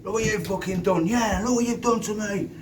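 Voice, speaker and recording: A man's voice: sits high, fairly even intonation, a little fast, pitched above the performer's own voice, close to an everyday voice. A man mimicking an angry young lad who complains, accusingly, about his hurt eye, recorded outdoors on a distant mic with wind noise. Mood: aggrieved.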